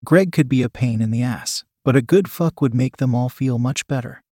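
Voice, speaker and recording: Casting: male narrator for an adult story, mid-pitched, dry close sound. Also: normal speed, warm tone, husky, no echo.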